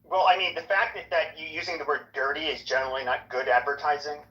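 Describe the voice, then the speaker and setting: A man's voice: a little high, steady tone, fast, bright, forceful tone. A man from Arizona telling crude, provocative stories in casual comedic banter. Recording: muffled, echoey room.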